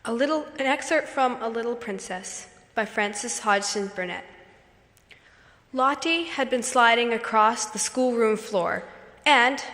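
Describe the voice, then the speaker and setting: A woman student giving a memorized, expressive recitation of a story at a school speech meet. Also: fairly high pitch. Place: school auditorium. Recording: hall reverb.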